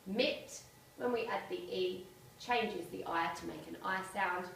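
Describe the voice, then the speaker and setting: A woman, a primary teacher explaining phonics to parents, clearly spelling out letters. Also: fairly low pitch, moderate pace, a bit bright, slight background noise. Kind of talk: presentation to parents. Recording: echoey room from far off.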